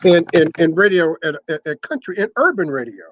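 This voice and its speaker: This former radio sales manager, an older man, recounts his lengthy radio career as an interview guest, going on at length and frequently repeating words when he restarts. His voice sits on the high side, sing-song and a little fast. The sound is lo-fi with a noisy background.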